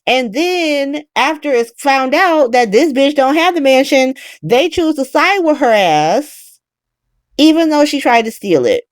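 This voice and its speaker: A woman's voice: high voice, animated, measured pace, dry recording, clean studio sound. Profane, exasperated woman ranting. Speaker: recap podcast host. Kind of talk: casual soap opera recap.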